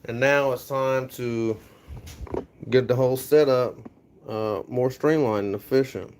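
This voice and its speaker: A man's voice: mid-range voice, fairly even intonation, measured pace, darkish tone, slight background noise. A young American man live-streaming from his home garage, chatting casually with viewers and giving rambling, upbeat pep talks while he sorts tools. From USA. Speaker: livestreaming garage vlogger.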